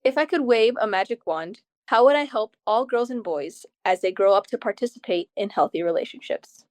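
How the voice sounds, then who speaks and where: A woman's voice: medium pitch, dry recording. Chatty young woman telling stories animatedly. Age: young adult. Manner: chatty, animated storytelling with quick asides. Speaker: guest's daughter. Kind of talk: casual interview chat.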